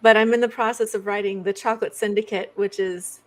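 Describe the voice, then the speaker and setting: A woman's voice: mid-range voice, steady tone, brisk, slight background noise. A woman author and medium, a guest in a casual interview chat, talking in an easygoing, rambling way.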